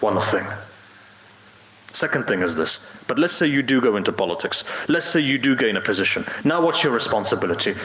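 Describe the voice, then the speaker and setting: A man's voice: medium pitch, expressive, brisk, fairly bright tone. A man preaching a sermon with earnest emphasis, telling a story to a mosque congregation. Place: mosque hall. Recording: roomy, dull hall recording.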